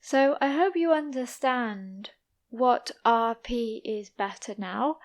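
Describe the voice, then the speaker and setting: A young woman from the East Midlands of England, with the accent to match, teaches English in a clear, unhurried monologue as an English teacher and podcast host. She speaks slowly, with careful, deliberate pronunciation of every word, and her voice is slightly high.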